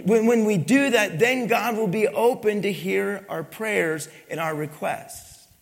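A man's voice: sits high, unhurried, vocal fry. A man preaching a sermon, asking the congregation questions and pressing his points with emphasis. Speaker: pastor. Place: church. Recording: long reverb of a church hall.

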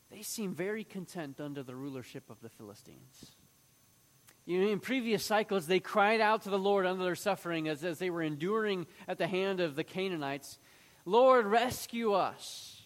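A man's voice: high-pitched, lively intonation, normal speed, big-room sound. A man teaching through a Bible passage, reading it aloud and acting out the quoted lines in a raised voice.

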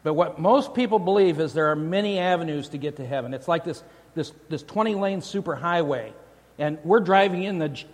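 A man's voice: fairly high pitch, fairly quick. Male pastor preaching in an echoing church. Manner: conversational, joking, frequent restarts. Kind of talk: sermon. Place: church sanctuary. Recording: long church hall reverb.

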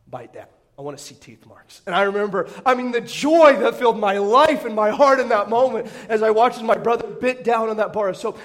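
A man's voice: very high voice, a bit bright. A middle-aged man, a pastor, preaching with humorous personal stories and self-deprecating jokes, often restarting his phrases. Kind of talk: storytelling sermon.

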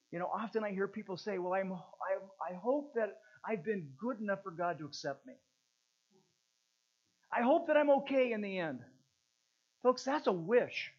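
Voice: mid-range voice, highs cut off. An earnest preacher teaching a catechism lesson as a sermon, repeating rhetorical questions to press the point home.

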